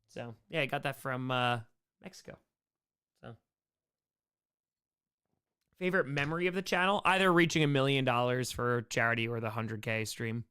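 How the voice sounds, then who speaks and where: Medium-pitched and moderately paced with long pauses, a man's smooth, bright, pushed voice hosts a casual live-stream Q&A. Upbeat and rambling, he answers chat questions and thanks viewers by name, sounding a bit worn from hours of talking.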